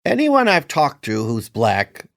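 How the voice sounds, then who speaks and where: A man co-hosting a podcast in casual chat, animated and quick to joke and riff. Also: medium pitch, gravelly, no room sound, clean studio sound. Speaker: podcast co-host.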